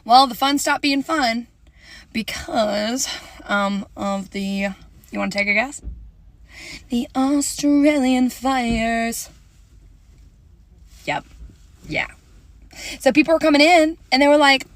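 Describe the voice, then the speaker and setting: A young woman telling a comic personal story to camera in an animated, dramatic way, swinging between loud bursts and hushed asides. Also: sits high, slow pace, pauses often, no echo.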